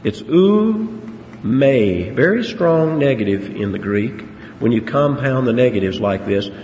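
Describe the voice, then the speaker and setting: A man's voice: a little high, lively intonation, moderate pace, a little mellow. A man preaching an expository sermon, earnest and emphatic, stressing words and asking rhetorical questions. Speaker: preacher teaching a Bible passage. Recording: echoey hall, dull lo-fi sound, faint hiss.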